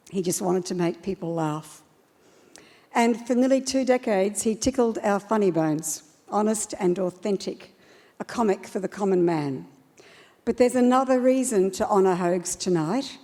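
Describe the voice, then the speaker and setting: An Australian woman presenting a scripted award tribute in a measured, warm reading. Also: mid-range voice. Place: large ceremony hall. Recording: long hall reverb.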